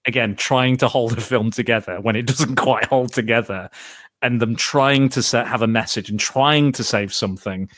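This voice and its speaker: A man's voice: mid-range voice, moderate pace, a bit bright, no room sound, clean studio sound. A man hosting a film podcast, chatting loosely with plenty of restarts and fillers. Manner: rambling, many restarts and fillers. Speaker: podcast host. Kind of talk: casual film discussion.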